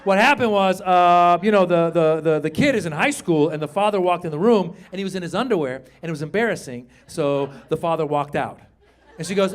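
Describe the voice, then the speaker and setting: A middle-aged man doing a stand-up comedy set on a theater stage, telling animated stories, acting out voices and chatting with the crowd. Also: high-pitched, fast. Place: theater stage before a live audience. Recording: live room with audience laughter.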